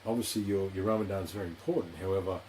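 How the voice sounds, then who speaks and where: An Australian podcast host with a deep, darkish voice talks fast in a studio during a casual interview chat. He rambles and speaks frankly, swearing heavily and saying "you know" constantly. The audio is poor, with a little hiss or hum.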